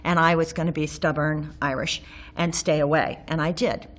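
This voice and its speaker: Low-voiced woman telling a personal story. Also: fairly even intonation, moderate pace. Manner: candid, wry, with some sarcasm; frequent ums and self-restarts while recalling. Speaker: interviewee recalling local history.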